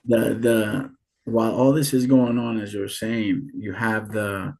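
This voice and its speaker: A man joins a podcast as a guest and jumps in with short agreements and details of his own. His voice is husky and somewhat low. He speaks in a relaxed, conversational way. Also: measured pace. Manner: chimes in with short agreements and additions. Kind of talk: casual chat.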